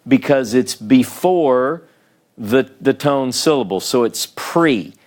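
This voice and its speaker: An American Hebrew teacher gives a lecture at a whiteboard to a small class in a meeting room. He speaks slowly and patiently in an ordinary middle pitch, breaking each point down step by step and often asking "okay?" to check that the students are following.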